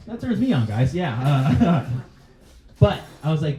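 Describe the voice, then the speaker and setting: A male comedian working a club crowd, breaking into laughter at his own lines and talking straight to people in the seats. His voice is mellow and sits a bit high for a man. The sound is roomy and dull, with faint noise behind it. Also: very animated, unhurried, long pauses, faint music behind. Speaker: stand-up comedian. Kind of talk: stand-up comedy set. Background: faint audience laughter.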